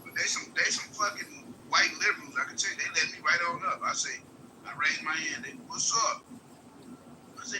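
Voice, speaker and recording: A man tells loose, slangy stories on a live stream and acts out the lines of other people. His voice sits high. Clear background noise runs under the stream audio. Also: fairly quick, pauses often, bright, forceful tone, low-quality recording. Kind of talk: profane casual live-stream chat.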